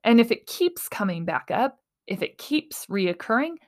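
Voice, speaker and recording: A woman's voice: on the high side, big pitch swings, unhurried. A woman in her thirties hosting a reflective solo podcast, talking earnestly and animatedly and laughing easily. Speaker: podcast host.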